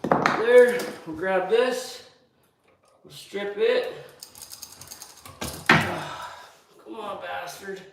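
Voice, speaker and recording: A man's voice: high-pitched, extremely slow, creaky, long pauses. A man working as a building contractor, grumbling and swearing to himself and his viewers as he works. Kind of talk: casual work vlog, talking while working. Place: windowless building under construction, indoors. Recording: echoey room, distant mic, faint noise.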